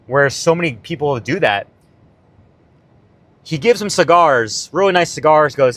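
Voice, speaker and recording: A man's voice: fairly high pitch, animated, unhurried, pauses often, fairly bright tone. A man talking casually to camera about a self-help book and coaching, swearing freely and tagging on "man" and "right?". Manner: profane, laid-back, peppered with "man" and "right?". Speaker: self-improvement vlogger and coach.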